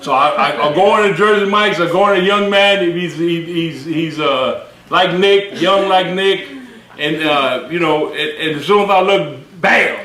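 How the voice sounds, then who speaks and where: A man in his sixties, a bishop preaching a sermon with lively humor and laughing asides. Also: a little high, normal speed. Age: 60s. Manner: animated, laughing asides, acts out quoted voices. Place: church sanctuary. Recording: roomy church recording with congregation responses.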